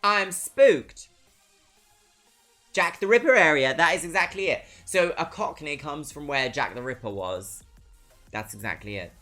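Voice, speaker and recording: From Brighton, England, a livestreamer with a southern English accent chats casually with viewers and reads out their messages, with soft music faint in the background. Her bright, forward voice sits at medium pitch with a measured pace, chatty and expressive as it swings between perky greetings and dry asides.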